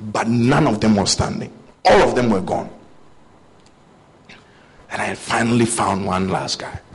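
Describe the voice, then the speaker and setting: A man's voice: fairly high pitch, breathy edge. A young man preaching a sermon, telling personal stories and acting out the voices in his dialogues. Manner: animated storytelling, acting out both sides of dialogues.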